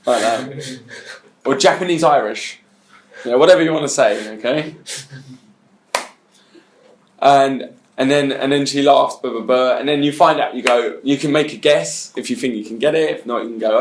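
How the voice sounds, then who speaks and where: Man, dating coach, acts out both sides of a chat, mid-pitched voice, echoey room. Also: normal speed, pauses often. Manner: animated storytelling, acting out both sides of a chat. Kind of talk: teaching a bootcamp session.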